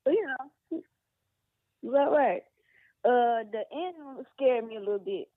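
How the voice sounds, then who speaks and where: A woman's voice: fairly high pitch, expressive, a little slow, no echo. A woman calling in to a sports talk show, speaking hesitantly with lots of fillers. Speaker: caller. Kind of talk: casual phone-in chat. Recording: tinny phone line.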